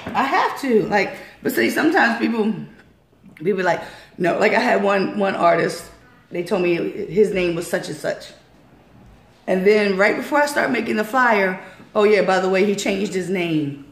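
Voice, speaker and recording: A woman hosting a radio interview, her voice hoarse from a coming cold, chatty with lots of ums and laughter. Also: mid-range voice, expressive, normal speed. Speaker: radio show host. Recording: roomy studio echo.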